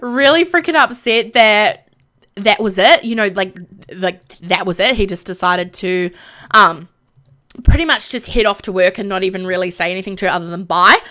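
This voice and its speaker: A woman's voice: medium pitch, moderate pace, bright, forceful tone. A young woman streaming a live let's play, chatting emotionally about the game with lots of filler ums.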